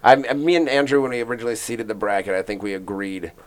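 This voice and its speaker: A man's voice: on the low side, steady tone, fast. A young man hosting a casual sports podcast, rambling and joking with lots of fillers and restarts. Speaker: podcast host.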